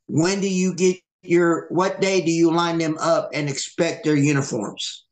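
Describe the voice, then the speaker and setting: A man's voice: a little high, little pitch movement, a little slow. A man hosting a podcast, casually telling a long story, swearing and acting out the people he quotes. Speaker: podcast host. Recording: echoey room.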